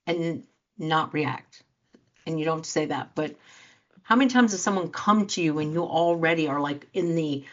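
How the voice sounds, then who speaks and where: A woman's voice: on the low side, normal speed, fairly bright tone. A woman life coach giving an earnest motivational talk to listeners, acting out quoted reactions as she speaks. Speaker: life coach and show host. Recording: dull lo-fi sound.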